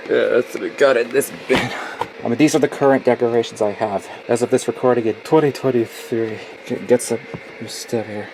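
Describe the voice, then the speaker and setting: A man in his twenties vlogging at home in a closet, gloomy and nostalgic, often swearing as he complains. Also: mid-range voice. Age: 20s. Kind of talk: casual vlog. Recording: noisy home recording.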